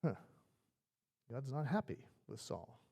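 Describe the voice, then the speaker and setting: A man's voice: medium pitch, very animated, slow pace, vocal fry, warm tone, husky. A male pastor preaching a sermon in a conversational, storytelling way. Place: church sanctuary. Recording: reverberant church sanctuary.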